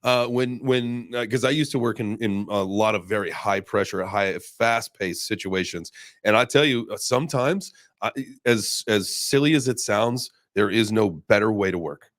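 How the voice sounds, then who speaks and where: Low-voiced, stammering male host. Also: normal speed, fairly bright tone, dry recording, clean studio sound. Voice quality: swears, stammers into restarts. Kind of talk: casual group call chat.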